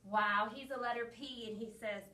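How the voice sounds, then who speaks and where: High, bright-voiced teacher in an echoey room. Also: female voice, normal speed. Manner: animated, sing-song, acting out letter sounds. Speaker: elementary school teacher. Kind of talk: children's phonics lesson. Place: school classroom. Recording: echoey room, mic far off.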